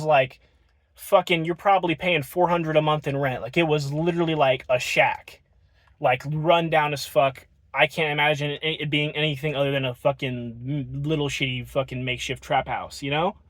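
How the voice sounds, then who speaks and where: A man's voice: a little high, no echo. A man telling a rambling, profane story in a casual storytime vlog.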